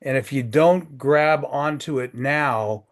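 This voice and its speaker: A man's voice: mid-range voice, takes it slowly. A man in his sixties hosting a networking group on a video call, folksy and joking, often repeating his words.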